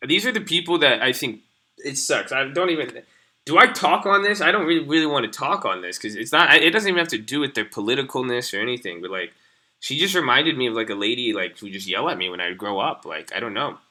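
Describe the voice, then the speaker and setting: A man's voice: mid-range voice, expressive, fast, pushed and bright. Rambling, slangy young man streaming. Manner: rambling, slangy and profane, chatting to viewers. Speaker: stream host. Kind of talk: casual live-stream commentary.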